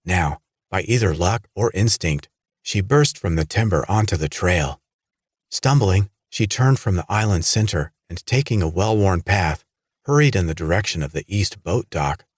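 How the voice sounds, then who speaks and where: A man with a very low, husky voice reads a horror audiobook. His delivery moves up and down in pitch with dramatic flair. The recording is close and dry. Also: moderate pace, no echo. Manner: dramatic, lively storytelling. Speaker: audiobook narrator. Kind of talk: scripted horror narration.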